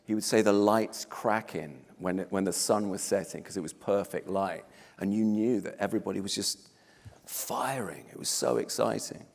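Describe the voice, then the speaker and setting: A man's voice: fairly low pitch, moderate pace, gravelly. A man on a live panel, fondly reminiscing about a film crew and teasing the room. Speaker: panelist, actor. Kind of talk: casual panel talk. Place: large hall. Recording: live hall with long reverb.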